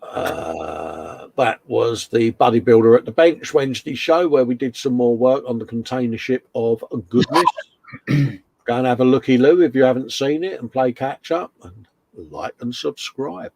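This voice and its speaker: With a mid-range, slightly mellow voice touched by vocal fry, a British man chats at a normal pace. He's reading out viewer comments on his casual model-building stream from a home workshop, all chummy and matey, with everyone addressed as mate.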